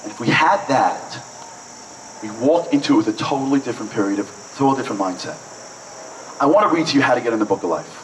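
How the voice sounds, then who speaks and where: A man's voice: mid-range voice, lively intonation, fast talker. A man giving a passionate motivational talk at a breakfast event, building to emphatic peaks and acting out little dialogues. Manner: passionate, rising and falling with emphasis, acts out dialogue. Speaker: inspirational speaker. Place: event hall. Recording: distant mic with faint noise.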